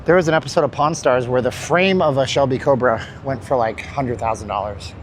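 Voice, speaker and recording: A man's voice: mid-range voice, fairly quick. Tired man rambling on a noisy street. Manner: rambling, joking, talks to the chat. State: tired and winded. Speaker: livestream host. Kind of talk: casual walking livestream. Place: city street outdoors. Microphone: handheld phone. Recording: phone mic on a noisy street.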